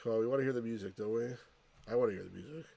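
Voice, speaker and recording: A man talks casually at mid pitch while playing a retro computer game. He rambles, restarts sentences and fills gaps with "like." He keeps an easygoing, chatty let's-play tone. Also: racing, gravelly, mellow. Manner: rambling, restarts often, many "like"s.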